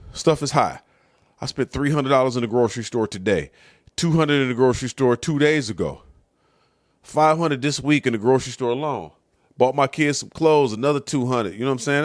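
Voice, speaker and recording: A man's voice: medium pitch, dry recording, studio quality. A man hosting his show, talking through a casual, conversational monologue. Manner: conversational, says "you know what I'm saying". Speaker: host.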